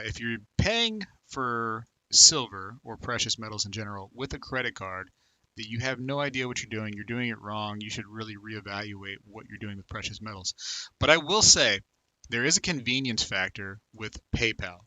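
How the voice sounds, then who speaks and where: A man in his thirties from the United States hosts a loose livestream chat, greeting viewers by name and wandering from thought to thought with many fillers. His voice sits a little low but sounds very bright and forceful. The sound is dry and close, with no room echo. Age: 30s. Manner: rambling, filler-heavy, talks to viewers by name. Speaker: livestream host. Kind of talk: casual live chat reading comments.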